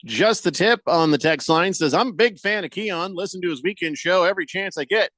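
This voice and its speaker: A man's voice: high voice, brisk, no echo. A man hosting a sports radio show, chatting casually, reading listener texts and ranting in exasperation. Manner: animated, exasperated rants with mock-quoted voices.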